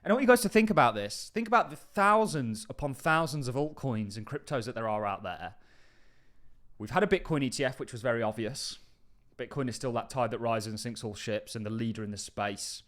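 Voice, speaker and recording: A man's voice: medium pitch, lively intonation, a little fast, fairly bright tone. A man hosting a crypto channel, giving casual market commentary in an enthusiastic, emphatic way with frequent offhand asides.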